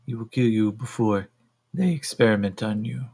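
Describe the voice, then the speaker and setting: A man's voice: lowish voice, moderate pace, vocal fry, warm tone, breathy edge. A man doing a stern alien slaver woman with a Russian accent. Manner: curt, commanding.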